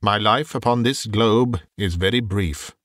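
A man voicing a sorrowful male spirit who grows old through the night, speaking gravely in a storybook reading. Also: lowish voice, unhurried, fairly bright tone, no echo, clean studio sound. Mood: solemn.

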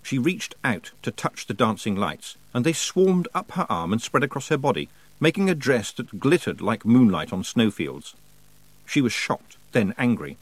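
A man reading a novel aloud as narrator, with measured, expressive storytelling. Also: mid-range voice, no echo, rough recording. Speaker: audiobook narrator. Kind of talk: scripted narration.

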